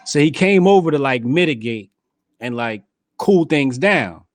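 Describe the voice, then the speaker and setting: A man's voice: medium pitch, expressive, measured pace, no room sound. A man with a New Jersey accent hosting a casual podcast chat, telling stories bluntly and with profanity. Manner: blunt, profane, storytelling with acted quotes. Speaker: podcast host.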